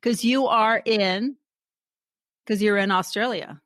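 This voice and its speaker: A woman's voice: mid-range voice, slow, fairly bright tone, no echo. A woman hosting a podcast from her studio, chatting casually and poking fun at herself. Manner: chatty and self-mocking, laughs easily. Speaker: podcast host. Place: indoor studio at her computer.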